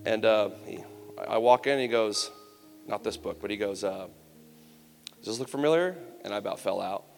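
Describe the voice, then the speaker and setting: A man's voice: on the low side, fairly even intonation, fairly quick, vocal fry. A man giving a personal testimony sermon at a youth camp, telling his story in a candid, conversational way with humor. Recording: long hall reverb, faint music.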